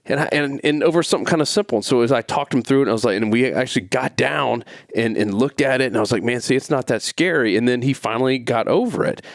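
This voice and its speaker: A man's voice: medium pitch, quick pace, no room sound. A man hosting a casual faith podcast, telling a story in a rambling way with many restarts. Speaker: podcast host.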